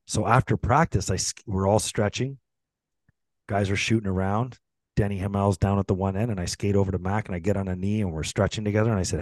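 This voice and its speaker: A middle-aged man, a former hockey player hosting a podcast, telling a profane, animated story and acting out the quotes. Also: on the low side, quick pace, no room sound. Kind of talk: casual storytelling chat.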